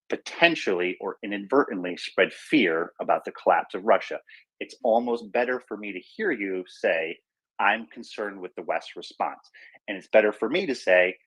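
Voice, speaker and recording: A man taking part in an online audio debate, making his point in a measured, reasoning way. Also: deep voice, fairly bright tone, slightly rough, rough recording. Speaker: discussion participant.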